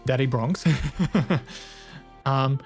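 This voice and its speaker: A young man chatting casually with his stream viewers in a rambling, playful way, laughing easily and filling pauses. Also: mid-range voice, soft background music. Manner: rambling, playful, quick to laugh, many fillers. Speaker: live streamer.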